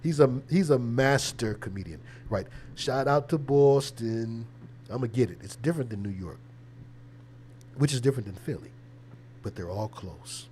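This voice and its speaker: A man's voice: mid-range voice, animated, normal speed, darkish tone, a little hiss or hum. A man who is a preacher, hosting a casual livestream with conversational, preachy commentary and a habit of repeating words. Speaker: preacher and show host.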